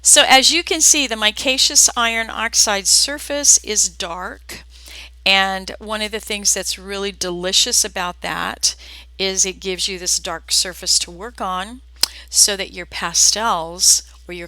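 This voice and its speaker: Poor audio captures this woman's unhurried, sharp, mid-range voice, with no room sound, as she gives a live-streamed painting demonstration. An art instructor with a Southern US accent, she keeps things chatty and folksy, addressing her viewers directly.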